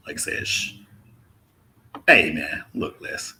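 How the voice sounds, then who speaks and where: A man's voice: extremely slow, bright, forceful tone. A young man from Mississippi with a Southern accent, casually chatting through a livestream Q&A and reading viewer comments aloud. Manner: laid-back, drawling, says "man" often. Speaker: travel vlogger hosting a live Q&A. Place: indoors in a rented apartment.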